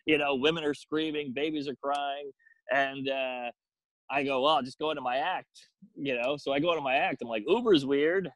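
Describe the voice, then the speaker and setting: A stand-up comedian tells a story with a lot of energy. He jumps into squeaky, overdone voices for the people in it. His voice sits a little high for a man and sounds dry and close. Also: moderate pace, dry recording, rough recording. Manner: animated storyteller acting out characters in exaggerated voices. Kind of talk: casual storytelling chat.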